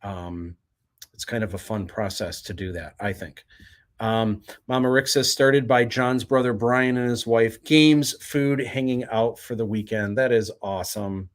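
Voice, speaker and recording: A man's voice: lowish voice, measured pace. A man hosting a casual livestream, reading viewer comments aloud and chatting back while he works. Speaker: livestream host.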